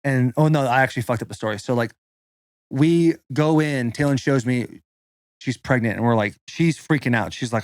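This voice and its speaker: This thirty-something podcast host has a medium-pitched voice at normal speed and tells a personal story loosely, cursing and leaning on "like" nonstop. It's a studio-quality recording without echo.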